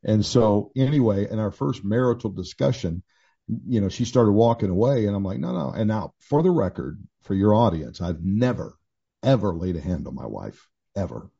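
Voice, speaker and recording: A man's voice: on the low side, lively intonation, moderate pace, vocal fry, mellow, husky. A man in his sixties, a pastor and author, telling his own story candidly in a casual conversation, with many restarts and fillers. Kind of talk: conversational testimony. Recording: dull lo-fi sound.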